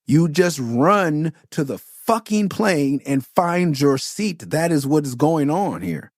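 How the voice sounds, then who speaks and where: A man in his forties from Los Angeles, hosting a podcast and telling stories in an animated, profane way. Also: fairly high pitch, takes it slowly, dry recording, studio quality. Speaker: podcast host. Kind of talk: casual storytelling.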